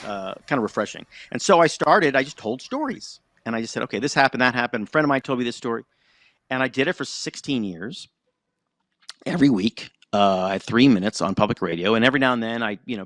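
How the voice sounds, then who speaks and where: Middle-aged American man, guest raconteur, brisk delivery, dry close sound, chatty and lively. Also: mid-range voice, no echo. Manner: chatty, animated, acts out quoted voices. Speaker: guest, TV writer and producer. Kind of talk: anecdotal storytelling in an interview.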